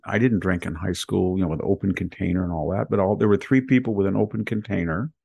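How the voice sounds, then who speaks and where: A man's voice: lowish voice, gravelly, darkish tone, no echo, studio quality. A man hosting a casual news roundup, talking in rambling personal anecdotes. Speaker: podcast host.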